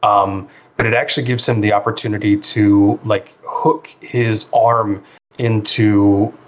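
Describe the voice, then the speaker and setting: Laid-back male game master, lowish voice. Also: a little slow. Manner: relaxed, filler-heavy narration with frequent ums and likes. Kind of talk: narrating a tabletop role-playing game.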